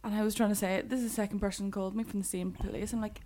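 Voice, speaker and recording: A woman's voice: mid-range voice, fairly even intonation, very fast, dark tone. Woman, casual co-host, chatty and matter-of-fact, faint noise behind. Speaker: podcast co-host. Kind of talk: casual chat.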